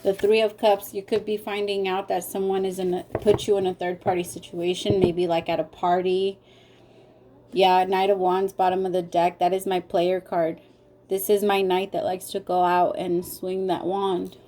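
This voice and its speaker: A woman's voice: lowish voice, flat delivery, moderate pace, background noise. A woman giving a casual spoken tarot reading, speaking straight to her viewers with a lot of feeling. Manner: emotional, talks straight to viewers. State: tearful. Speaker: tarot reader.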